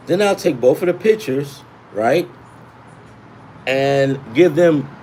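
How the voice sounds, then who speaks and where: A man's voice: medium pitch, a little mellow, a little hiss or hum. A man hosting a sports betting livestream, rambling and repeating himself as he gives emphatic tips and chats with viewers. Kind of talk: casual livestream talk.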